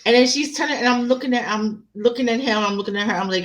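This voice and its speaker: A woman telling personal stories in casual chat, animated and laughing often, swearing freely. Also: fairly high pitch, fast, few pauses.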